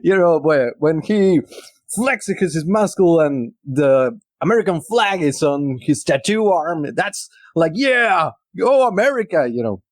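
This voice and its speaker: A man in casual chat, lively and laughing often. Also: fairly high pitch, a little slow, dry recording, clean studio sound.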